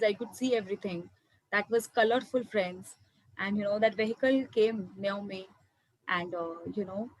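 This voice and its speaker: A woman tells her listeners about a personal spiritual experience. Her voice sits a little high for a woman, and it sounds emotional and earnest as she keeps calling her listeners friends. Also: poor audio. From India. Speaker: meditation speaker. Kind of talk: personal testimony to an online audience.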